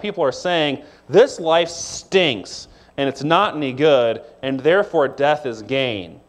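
A man preaching a sermon from the pulpit, his voice pitched on the higher side for a man. He talks in a relaxed, conversational way, speeding up through asides and slowing for emphasis. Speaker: pastor.

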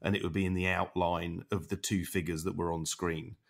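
A man's voice: low voice, flat delivery, a little fast, vocal fry. A man interviewing a fellow cinematographer, speaking in long, articulate sentences about the craft. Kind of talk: interview questions and commentary.

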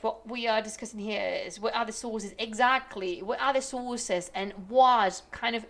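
Talking to her chat on stream, this young woman, a native speaker, rants with animated exasperation and some laughter, her pitch fairly high.

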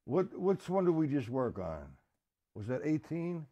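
A man's voice: fairly high pitch, very animated, warm tone. Casual man teaching drums on a stream. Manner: casual, talks to chat viewers by name; halting, restarts and fillers. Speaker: drum teacher. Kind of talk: live-streamed drum lesson. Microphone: computer or camera mic on a live stream.

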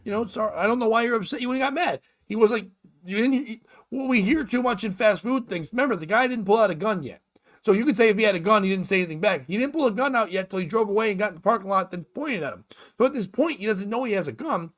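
High-voiced man ranting profanely. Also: animated, fast. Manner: profane, riffing, rambling rants. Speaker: podcast host. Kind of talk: casual comedic talk show banter.

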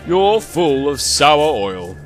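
A man voicing a young, jumpy male diesel engine in a storybook tale, talking loud and excitable. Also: on the high side, slow pace, soft background music, voice pushed up, heavily acted. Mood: scoffing.

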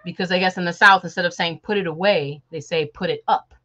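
A woman from Chicago, USA, jokes and chats casually with viewers on a live stream while working on a sewing project at home. She's a sewing vlogger whose voice is on the low side, fast and sharp-toned, with the highs cut off.

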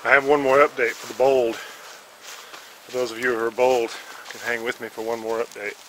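A man's voice: mid-range voice, little pitch movement, normal speed, noisy background. A man rambling casually and with lots of swearing while he tells a story from his cluttered shed. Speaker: vlogger.

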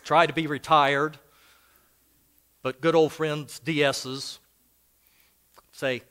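An older male pastor delivers a storytelling sermon in an easy, conversational manner. He takes his time over each phrase, and his voice sits fairly high for a man. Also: flat delivery, takes it slowly, long pauses, sharp tone, clean tone. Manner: conversational and anecdotal.

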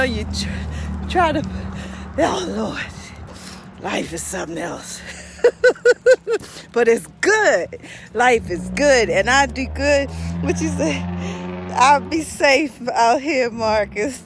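A middle-aged woman pastor with a high voice chats and prays on a casual live stream outdoors. She laughs often between phrases, and faint traffic hums behind her. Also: expressive, takes it slowly, long pauses. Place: outdoors near a street.

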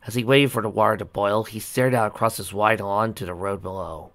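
A man's voice: lowish voice, steady tone, brisk, fairly bright tone. A man reading a story aloud in a plain, slightly uneven way. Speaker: reader.

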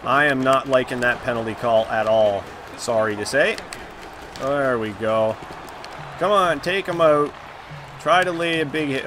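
A man's voice: mid-range voice, a little slow, noisy background. A man giving live commentary on his own video game, groaning and exclaiming as the plays go for and against him. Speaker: gaming YouTuber.

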